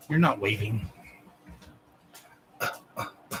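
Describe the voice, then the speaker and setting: Gravelly-voiced man chatting on a live stream. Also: medium pitch, moderate pace, pauses often, a bit bright, a little hiss or hum, rough recording. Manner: chatty and rambling, swears, talks to his pets. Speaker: psychic reader hosting a live stream. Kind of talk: casual live-stream chat.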